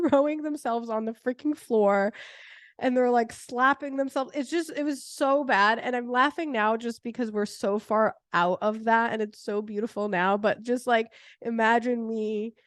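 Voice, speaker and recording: A young adult woman hosting a podcast, telling a personal story in a chatty, animated way with many "like" fillers. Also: fairly high pitch, moderate pace, no echo, studio quality. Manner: chatty, heavy use of "like" fillers; animated retelling with laughter. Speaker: podcast host.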